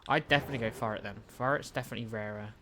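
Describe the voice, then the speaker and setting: A man's voice: medium pitch, racing, bright, forceful tone, slight background noise. A young British man with a British accent streams a game live, chatting casually, stumbling over restarts and answering his chat as he plays. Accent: British English. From United Kingdom.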